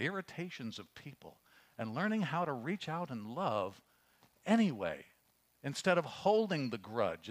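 Man, pastor, sermon, scripture reading, earnest, hushed then emphatic, medium pitch. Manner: earnest preaching, swings from hushed storytelling to raised emphasis; reads scripture aloud, with fillers and restarts.

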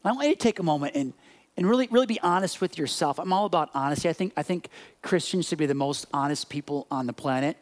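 A male pastor delivering a sermon with a voice set higher than most men's. He preaches in an animated way, playing out bits of dialogue. He sinks into quiet, gentle passages for reflection. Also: fast. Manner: animated, acts out scenes and dialogue; drops to soft quiet reflection.

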